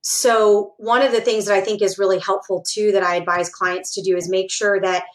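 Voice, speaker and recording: Woman, recruiter, podcast guest, mid-pitched, thoughtful, explains with examples. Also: little pitch movement, moderate pace. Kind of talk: casual interview chat.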